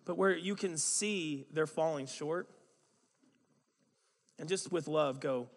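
A man's voice: fairly high pitch, takes it slowly, pauses often. A man preaching a sermon as a pastor, telling stories in a conversational way with self-mocking humor, recorded in a church sanctuary. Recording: long hall reverb.

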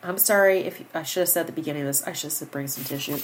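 A woman's voice: on the low side, fast, few pauses, slight background noise, rough recording. A woman hosting a personal podcast, speaking earnestly into a microphone, tearful and fighting back crying. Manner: heartfelt, earnest, repeats herself. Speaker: podcast host. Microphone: studio microphone.

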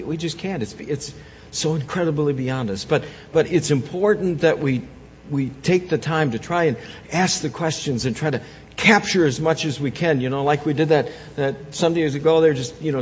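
A man preaching an Easter sermon as pastor. He swings between soft, low reflection and loud, raised preaching, and often repeats words and restarts phrases. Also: a little hiss or hum. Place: church sanctuary. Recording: dull, echoey church hall.

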